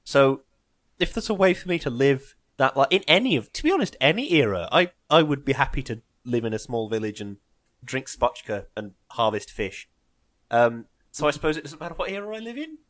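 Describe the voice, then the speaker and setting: A man guesting on a podcast, rambling in casual chat and wryly interrupting himself. His voice is highly animated in pitch and recorded dry and close. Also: fairly quick, no room sound. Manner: rambling, self-interrupting, wry.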